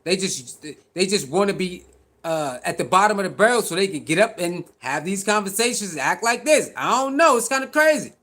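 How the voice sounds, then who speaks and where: A man's voice: high voice, very animated, fairly quick, pushed and bright. A man hosting casual sports reaction commentary, talking in slang, repeating himself and calling out to his viewers. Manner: slangy, repetitive, calls out to viewers.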